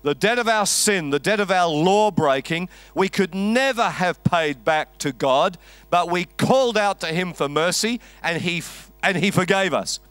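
A man's voice: high voice, expressive, unhurried, a bit bright, clean tone, dry recording. A man preaching a sermon, telling a story with a wry, conversational humor. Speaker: pastor.

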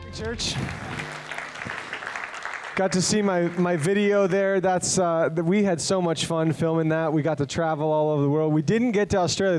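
A male guest preacher from Canada, in his thirties, talks to the congregation in a loose, chatty way. He rambles and makes fun of himself, with plenty of fillers. His voice sits a little high. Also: normal speed, a little mellow, some chatter behind, slight background noise. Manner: chatty, self-deprecating, rambling with many fillers. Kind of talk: casual sermon introduction.

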